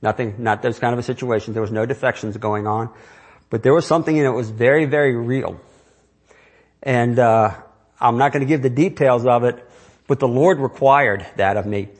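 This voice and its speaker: Husky middle-aged male pastor preaching. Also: medium pitch, normal speed. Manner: earnest, repeats phrases for emphasis. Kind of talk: sermon.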